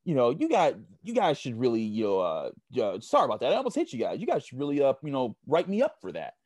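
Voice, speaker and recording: A man's voice: medium pitch, huge pitch swings, fast talker, darkish tone, dry recording, clean studio sound. A man playing a pushy, aggressive police officer who raises his voice while retelling a story. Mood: insistent.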